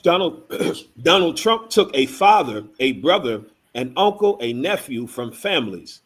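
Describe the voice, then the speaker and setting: A man's voice: mid-range voice, very animated, a little slow, a bit bright. A man co-hosting a talk show, reading a news article aloud with emphatic, punchy delivery.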